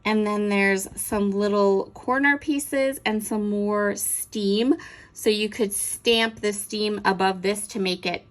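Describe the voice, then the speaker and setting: A chatty, enthusiastic woman walks through a new craft haul in a casual, unhurried show-and-tell. She pauses to look things over and keeps her tone friendly and easygoing, at an ordinary middle pitch. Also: steady tone. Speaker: crafting channel host.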